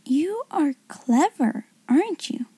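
A woman's voice: high voice, big pitch swings, measured pace, dark tone, dry recording, voice pushed up. A woman voicing a shy, awestruck young schoolgirl in a breathless whispered role-play. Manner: breathless, timid, wide-eyed.

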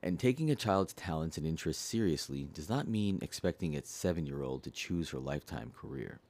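A man reading a self-help book aloud, steady and earnest, speaking straight to the listener. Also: very deep voice, a little fast. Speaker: audiobook reader.

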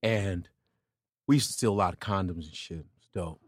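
A man guest on a podcast, a comedian telling profane, animated stories in casual chat and putting on voices of the people in them. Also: deep voice, fairly quick, no echo, studio quality.

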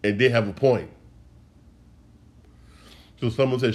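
A man's voice: medium pitch, steady tone, measured pace, long pauses, darkish tone. A man hosting a solo podcast, ranting in a heated way, repeating himself and speaking straight to his listeners. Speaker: podcast host.

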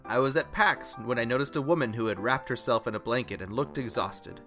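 A man's voice: medium pitch, a little fast, sharp tone, faint music behind, close to an everyday voice. A man on a comedy podcast reading a listener's email aloud, putting on that young man's voice in a sheepish, casual way.

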